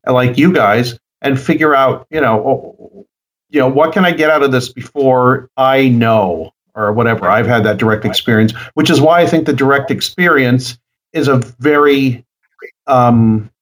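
A man talks through an idea slowly, restarting and repeating words as he goes. His voice sits at an average pitch, and his delivery is steady and reflective. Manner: measured, repeats words while thinking. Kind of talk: conversational discussion.

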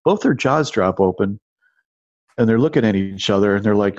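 A man's voice: lowish voice, animated, normal speed, a little mellow, no room sound. A man in his fifties casually telling a personal story, rambling, restarting and repeating himself a lot. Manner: rambling, restarts and repeats words, lots of "you know" and "like". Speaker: guest telling personal stories. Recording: dull dry lo-fi recording.

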